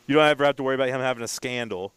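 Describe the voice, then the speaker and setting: A man's voice: mid-range voice, racing, a bit bright, smooth, no room sound. A man co-hosting a casual chat, telling stories in a rambling way and often stumbling over and repeating his words.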